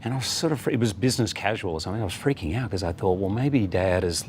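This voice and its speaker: A middle-aged man, a talk-show guest, telling a story in a relaxed, animated way and acting out the people he quotes. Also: lowish voice, quick pace, a little hiss or hum. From Australia. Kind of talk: casual talk-show anecdote.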